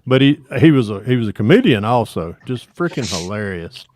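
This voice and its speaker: A man's voice: on the low side, big pitch swings, a little fast, noisy background. A man with a Southern accent casually telling a rambling joke story on a live hangout, laughing through his punchlines. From Atlanta, Georgia area.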